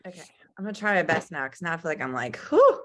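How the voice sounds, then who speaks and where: A woman's voice: low voice, expressive, racing, pushed and bright. A woman speaking on a team video call, emotional and passionate as she shares her lessons. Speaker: team leader. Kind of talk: motivational talk on a team call.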